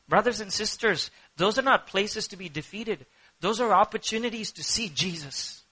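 Guy preaching, high bright ringing voice, gets really fired up then goes quiet to pray. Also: lively intonation, moderate pace, husky, poor audio. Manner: impassioned, shifts from shouting to hushed prayer. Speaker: pastor. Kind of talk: sermon.

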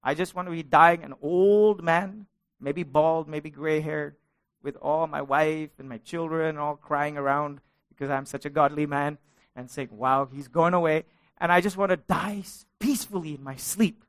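Male pastor, sermon, high voice, dry close recording, questions to the congregation. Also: fairly even intonation, moderate pace, no room sound. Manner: preaching with rising intensity and questions to the congregation.

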